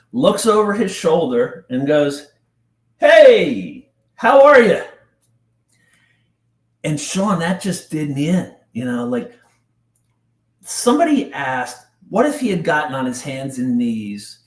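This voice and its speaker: A middle-aged man from New Jersey, a podcast guest telling a painful personal story in an intense, halting way with casual slang. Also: on the high side. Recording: roomy echo.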